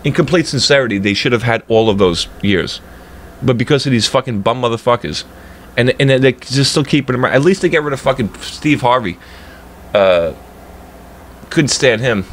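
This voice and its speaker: A male game streamer in a casual, profane rant that swings between low grumbling and loud, high-pitched outbursts. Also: a little hiss or hum. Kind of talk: casual ranting chat while streaming.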